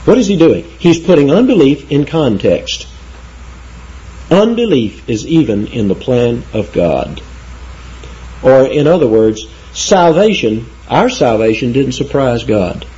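A man preaching through a Bible passage verse by verse, his voice warm and a little husky. He leans on key words and slows right down when he reads scripture aloud. The recording sounds dull and lo-fi. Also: mid-range voice, sing-song. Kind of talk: expository Bible teaching.

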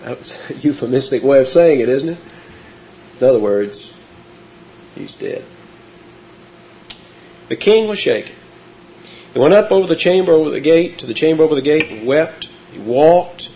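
Animated storytelling preacher, lively pitch. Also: male voice, moderate pace, pauses often. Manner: animated storytelling, acts out quotes. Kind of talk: expository sermon. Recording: dull lo-fi recording.

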